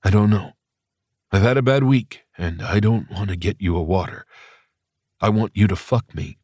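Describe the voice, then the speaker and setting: A man's voice: on the low side, moderate pace, darkish tone, slightly rough, no room sound, studio quality. A man voicing a tense, erratic grieving male teacher in an audiobook, clipped and testy. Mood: blunt.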